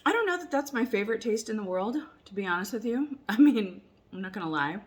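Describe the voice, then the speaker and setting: Quick and expressive, with a medium-pitched voice, a woman films a casual home taste test as a cooking vlogger. She rambles chattily, restarting often and using fillers, and now and then talks while chewing.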